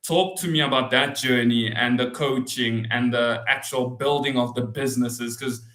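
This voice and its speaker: Male podcast host, bright tone, relaxed matey interviewer, echoey room. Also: medium pitch, moderate pace.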